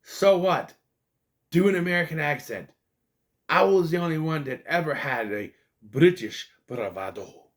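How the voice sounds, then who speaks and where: A man's voice: fairly high pitch, a little slow. A man giving a casual spoken movie review, ranting in an exasperated way, swearing and rambling with restarts and stammers.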